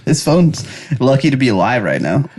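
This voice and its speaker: A man's voice: mid-range voice, very animated, moderate pace, a little mellow, a little hiss or hum. A man co-hosting a podcast, joking and swearing in casual chat with friends. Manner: joking, profane banter. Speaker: podcast co-host.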